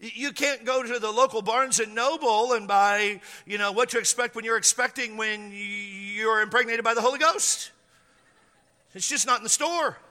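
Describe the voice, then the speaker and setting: A male preacher tells a story from the pulpit and acts out the scenes as he goes. His voice sits high and sounds bright. A long echo hangs in the church hall around him. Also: moderate pace. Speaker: pastor. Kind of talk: sermon.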